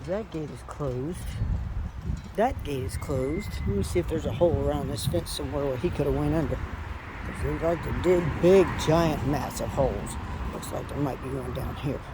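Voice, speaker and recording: A woman's voice: deep voice, unhurried, long pauses. A woman walking around her homestead yard with a handheld camera, chatting casually and talking to her animals as she goes. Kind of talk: casual walk-and-talk vlog. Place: outdoors on a homestead yard after a storm. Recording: noisy outdoor recording.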